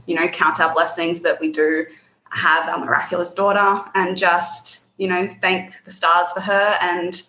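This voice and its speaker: An Australian woman from Darwin, a podcast guest telling her story softly and hesitantly over a video call. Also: lowish voice, reverberant, muffled recording. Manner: soft-spoken, hesitant, many ums. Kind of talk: personal story in an interview.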